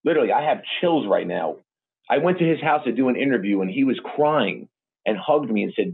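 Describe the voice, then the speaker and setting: A man hosts a podcast, gushing and emotional as he tells his stories. He rattles along quickly in a husky voice. It all comes through a thin, phone-like line. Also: mid-range voice, animated. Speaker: podcast host. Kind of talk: interview podcast chat.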